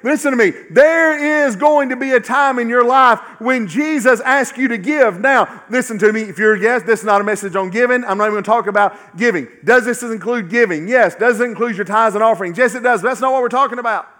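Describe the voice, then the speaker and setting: A man with a notably high voice preaching a sermon in church. He drives his points home by repeating them with emphasis. Then he lets many lines sink to a hushed, low close. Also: brisk, few pauses. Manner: emphatic, repetitive, often dropping to a low quiet finish. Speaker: pastor.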